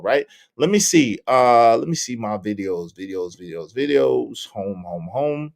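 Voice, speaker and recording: Animated man hosting a livestream. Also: mid-range voice, a little slow, creaky, hardly any pauses. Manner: animated, acts out quotes with changing voices. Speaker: livestream talk show host. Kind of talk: casual panel chat.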